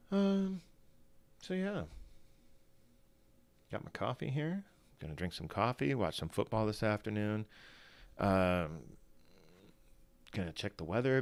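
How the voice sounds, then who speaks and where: In his morning voice, a man streaming fantasy football alone keeps things casual, rambling, self-deprecating, and full of fillers and restarts. His pitch is fairly low, and there's no echo.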